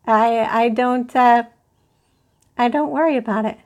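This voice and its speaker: Woman host, crochet stream; unhurried, chatty, a bit high-pitched, talks to her live chat. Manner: chatty, rambling, addresses live chat viewers.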